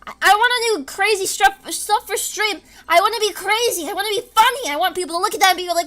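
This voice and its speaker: A woman's voice: extremely high pitch, quick pace, hardly any pauses, fairly bright tone. A woman streaming casually from home, rambling in an erratic way and breaking into screams and laughs. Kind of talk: casual live-stream chat.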